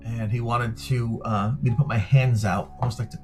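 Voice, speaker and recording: Middle-aged male interview guest, animated storyteller who acts out dialogue, light music underneath. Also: medium pitch, normal speed. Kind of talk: recounting a personal story.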